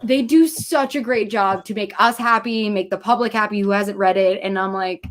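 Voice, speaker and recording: A young woman chatting casually as a guest, animated, swearing freely and acting out her own quoted lines. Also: medium pitch, moderate pace. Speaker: podcast host guest. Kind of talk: casual chat.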